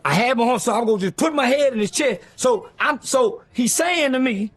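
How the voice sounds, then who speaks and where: A man's voice: extremely high pitch, lively intonation, slightly rough. A middle-aged man recounting a story in an interview, blunt and profane, acting out what others said. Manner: blunt, profane, rapid recounting with acted-out quotes. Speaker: interview guest telling a story. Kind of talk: animated storytelling in a sit-down interview.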